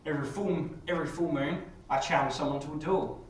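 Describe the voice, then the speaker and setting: A man's voice: on the high side, fairly even intonation, a little fast, recorded from a distance, natural voice. A man voicing a proud but wary cowboy gunslinger, speaking in a raised, emphatic voice in an echoey room.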